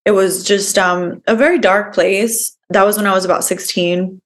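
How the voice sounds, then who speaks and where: A woman's voice: mid-range voice, steady tone, moderate pace. A young woman guest on a podcast, telling her personal story earnestly, with many fillers like "like" and "you know".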